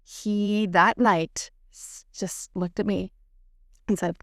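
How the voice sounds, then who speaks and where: A middle-aged woman sharing a personal faith testimony as a guest, telling it in an earnest, animated way with many "like"s. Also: medium pitch, takes it slowly, vocal fry, dry recording, clean studio sound.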